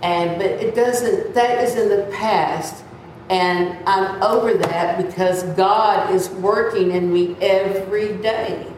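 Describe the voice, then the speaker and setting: A Sunday school teacher in her seventies delivers a sermon in a church room, earnest and talkative, occasionally acting out whiny voices. Her mid-range voice is slow, fairly even in intonation, and a little mellow, captured by a distant mic in an echoey space with faint noise.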